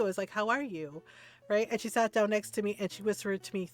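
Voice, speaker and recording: A woman's voice: mid-range voice, steady tone, brisk. A woman streamer chatting casually while gaming, rambling with lots of fillers and asking "right?" often, over faint background music.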